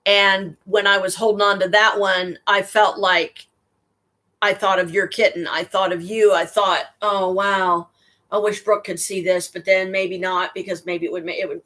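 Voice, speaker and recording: A woman's voice: medium pitch, bright, forceful tone. A woman telling personal stories casually, rambling and heartfelt, with frequent restarts and asides. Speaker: storyteller addressing a listener.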